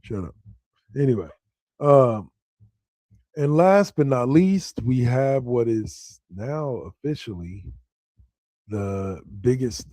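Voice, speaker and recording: Male podcast host, mellow low-bright tone, rambling, excitable sports chatter. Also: takes it slowly, pauses often, no echo. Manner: animated, rambling, excitable with frequent restarts. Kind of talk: casual sports podcast talk.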